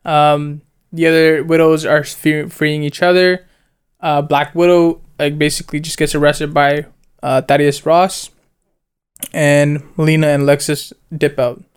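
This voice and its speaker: A man's voice: a little high, a little slow, clean tone. A young man chatting casually about a film, rambling and slangy as he retells scenes. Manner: rambling, animated slang-heavy storytelling. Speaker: co-host reviewing a film. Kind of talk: casual chat.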